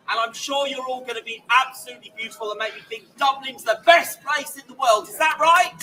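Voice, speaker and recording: A man performing as a poet on a city street, playful and exuberant, often shouting to draw the crowd into call-and-response. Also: very high-pitched. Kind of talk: street performance poetry with audience participation. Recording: distant mic, crowd and street noise.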